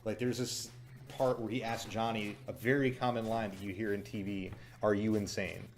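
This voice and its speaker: Low-voiced man giving a cynical chatty review. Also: fairly even intonation, moderate pace, a little hiss or hum. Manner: chatty and cynical, mimics lines he quotes. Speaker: show reviewer. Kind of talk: casual spoken review.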